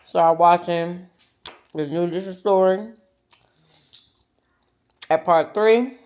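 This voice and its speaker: A woman's voice: medium pitch, slow, dull audio, a little hiss or hum. Middle-aged woman, casual vlog chat, dramatic and goofy delivery. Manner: chatty, dramatic, animated. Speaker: vlogger.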